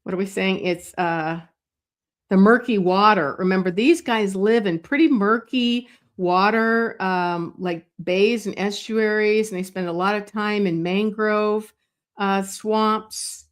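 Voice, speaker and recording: Slow, chatty woman teaching drawing. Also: medium pitch. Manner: thinks aloud while drawing, meandering and self-correcting; relaxed and chatty, with light laughs. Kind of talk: live drawing demonstration.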